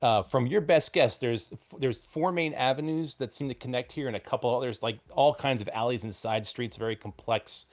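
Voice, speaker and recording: A man narrating a tabletop role-playing game as game master, describing scenes in a halting, rambling way with many fillers. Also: mid-range voice.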